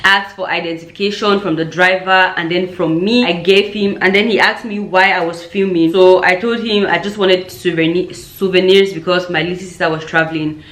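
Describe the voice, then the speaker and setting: A woman's voice: on the low side, normal speed, hardly any pauses. Woman telling a story. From Cameroon. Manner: animated storyteller acting out quoted voices. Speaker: YouTuber. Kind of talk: storytime vlog. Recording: roomy echo.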